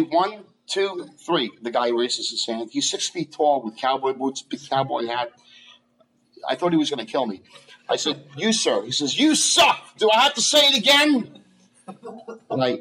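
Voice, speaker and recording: A man with a husky, slightly breathy voice recounts a club gig in a casual interview. He talks haltingly, with many fillers and restarts, at an ordinary middle pitch. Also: rough recording. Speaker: guest comedian.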